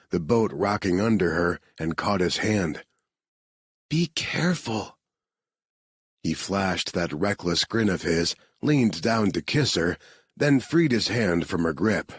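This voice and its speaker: A man narrating an audiobook in a measured, even reading. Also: low voice, breathy edge, no room sound.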